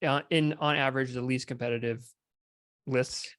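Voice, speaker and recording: A man hosting a podcast, asking halting questions between short acknowledgements. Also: mid-range voice, steady tone, fairly bright tone, clear, resonant tone, no echo, clean studio sound. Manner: brief backchannels, halting questions. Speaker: podcast host. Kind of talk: casual interview.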